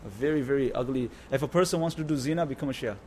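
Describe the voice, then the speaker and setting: A man's voice: mid-range voice, rapid-fire, darkish tone, slight background noise. A man giving an informal sermon to a religious gathering, repeating his points and often checking that listeners understand. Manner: repetitive, keeps asking "understand?". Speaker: religious teacher.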